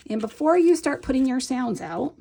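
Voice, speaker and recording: Patient woman teacher, gravelly voice. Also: high-pitched, big pitch swings, moderate pace, dark tone. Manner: encouraging, patient, checks in with "right?". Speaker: Montessori teacher. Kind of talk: instructional demonstration.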